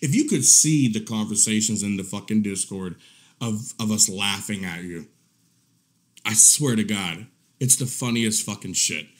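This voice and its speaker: A man hosting a profane live commentary stream, mocking and crude, laughing at his own jabs and swinging between low muttering and loud indignant rants. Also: unhurried.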